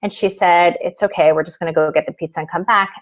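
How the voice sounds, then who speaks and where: A woman's voice: fairly low pitch, fairly even intonation, fast, rough recording. A middle-aged woman, an author guest in a live video interview, telling a personal story with lots of quoted dialogue.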